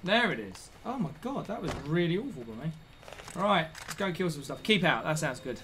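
A man's voice: a little high, sing-song, brisk, fairly bright tone, a little hiss or hum. A man chatting casually with viewers while live-streaming a video game, rambling and repeating himself. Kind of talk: live-stream gameplay chat.

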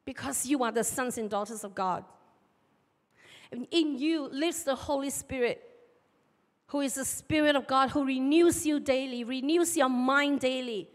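A woman pastor, preaching a sermon and telling personal stories in an animated way. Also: high voice, unhurried. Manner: animated storyteller, acts out shouted market dialogue. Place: church sanctuary. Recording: long church hall reverb.

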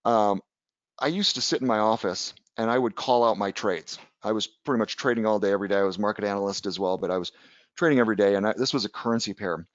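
A man's voice: on the low side, fast talker, no echo, lo-fi sound. A man teaching about trading in a casual webinar lecture, conversational, telling anecdotes and checking in with "right?". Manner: conversational, tags points with "right?", tells anecdotes. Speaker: trading educator.

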